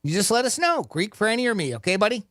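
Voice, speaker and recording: Upbeat high-voiced radio host. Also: male voice, big pitch swings, quick pace, a bit bright, no echo, studio quality. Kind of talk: radio contest hosting. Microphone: studio microphone.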